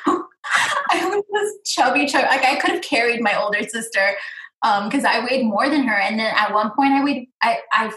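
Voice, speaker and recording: A woman's voice: a little high, animated, normal speed, sharp tone. A woman chatting earnestly as an interview guest, rambling with many fillers. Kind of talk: casual interview chat. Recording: roomy echo.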